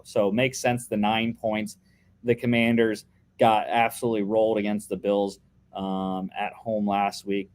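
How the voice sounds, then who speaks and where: A young man with a medium-pitched voice co-hosts a casual sports podcast, talking through his football picks with plenty of fillers and restarts.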